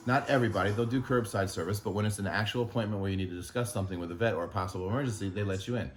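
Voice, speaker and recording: Deep-voiced man, fast and frustrated. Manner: halting, frustrated, swears often. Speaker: animal sanctuary owner. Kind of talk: emotional vlog monologue.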